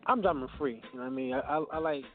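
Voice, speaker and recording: A man's voice: medium pitch, racing. A man calling in to a radio show, talking in a friendly way and dropping lots of "you know what I mean" fillers. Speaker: caller and musician. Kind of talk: casual phone call. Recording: tinny phone line with faint music.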